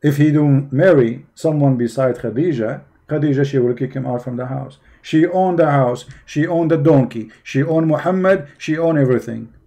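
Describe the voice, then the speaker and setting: Mocking man with a dark voice. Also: on the high side, moderate pace, few pauses. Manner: mocking, emphatic, repeats rhetorical questions. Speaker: religion critic presenting. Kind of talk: commentary on articles.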